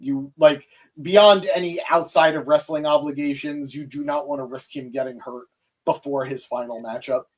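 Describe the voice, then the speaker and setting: A man's voice: on the high side, steady tone, moderate pace. A young man hosting a wrestling recap podcast, talking enthusiastically and conversationally. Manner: enthusiastic, conversational, hands off to co-host. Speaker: podcast host. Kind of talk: casual wrestling recap chat.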